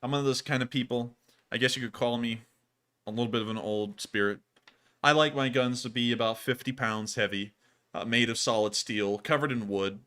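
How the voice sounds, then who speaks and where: An American man hosting a casual livestream, with a bright, forceful voice. He rambles, stumbles over restarts and jumps into excited bursts. His talk is loose and chatty. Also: mid-range voice, fairly quick. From United States. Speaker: livestream host.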